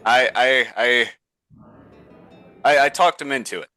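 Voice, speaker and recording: Stammering bright-voiced man at a game table. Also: medium pitch, measured pace, soft background music, low-quality recording. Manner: stammering, flustered. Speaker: player. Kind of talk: tabletop role-play.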